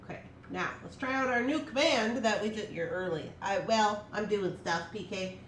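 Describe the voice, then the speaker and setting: A woman's voice: mid-range voice, normal speed, far from the mic. A woman hosting a casual morning livestream, chatting to viewers and muttering to herself while she works. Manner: talks to herself while working, muttering and laughing. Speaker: livestream host. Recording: roomy echo, faint background hum.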